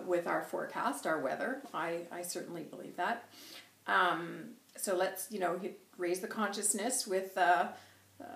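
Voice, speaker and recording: A woman hosts a casual channelled reading, rambling through her week in a chatty way and breaking into laughs often. Her voice sits in a mid register for a woman. The sound is roomy and echoey, picked up from some distance away from the mic. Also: medium pitch. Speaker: channeller and host. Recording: roomy echo from far off the mic.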